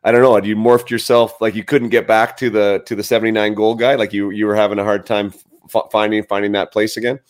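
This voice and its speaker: A man's voice: lowish voice, level tone, fast talker. A man hosting a podcast who talks in a conversational way, asks probing follow-up questions and often tags his points with "right?". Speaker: podcast host and coach. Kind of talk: casual interview.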